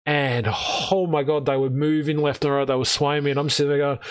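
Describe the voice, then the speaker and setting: Podcast co-host, male, slightly high voice, profane and animated anecdote teller. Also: fairly quick, clean tone. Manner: swearing, animated, acts out quoted voices. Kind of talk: casual storytelling chat.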